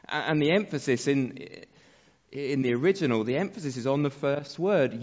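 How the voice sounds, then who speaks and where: A man preaching a sermon as pastor, slow and measured, letting his phrase endings fall soft. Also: mid-range voice, lively intonation. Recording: dull sound with long hall reverb.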